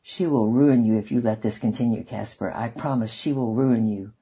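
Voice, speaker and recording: A man's voice: medium pitch, normal speed, mellow, breathy edge. A man reading aloud, voicing an arrogant, domineering older man with a snide, haughty manner. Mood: threatening.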